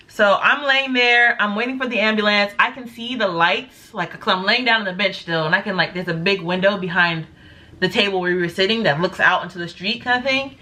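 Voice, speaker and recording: A young woman vlogger telling a story casually, acting out quotes with big jumps in her voice. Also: fairly quick. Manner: animated, acts out quotes with big pitch jumps.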